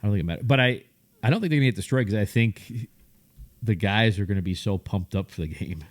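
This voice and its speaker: Fast-talking low-voiced podcast co-host. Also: male voice. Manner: quick, joking questions and teasing. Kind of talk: casual sports chat.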